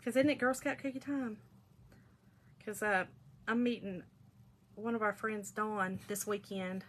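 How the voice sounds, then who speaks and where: A woman's voice: mid-range voice, fairly even intonation, unhurried, a little hiss or hum. A middle-aged woman hosting a casual crafting livestream, chatting in a folksy way and reading out viewer comments.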